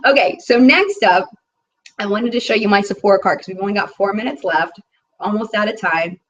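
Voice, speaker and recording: A woman's voice: mid-range voice, fairly quick, fairly bright tone, muffled recording. A woman in her thirties hosting a casual beauty live chat, chatty and bubbly, reading viewer comments aloud.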